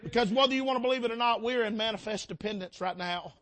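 A man's voice: very high-pitched, fast talker, fairly bright tone. A man preaching a sermon in a church, impassioned and calling out to the congregation. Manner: impassioned, rising and falling, calls out to the congregation. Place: church sanctuary.

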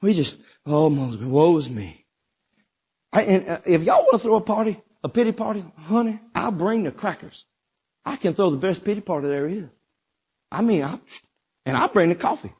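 A male preacher with a South Georgia accent delivering a sermon, swinging from shouted exhortation to low asides. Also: fairly quick, slightly rough. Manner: emphatic, rising to shouts then dropping low.

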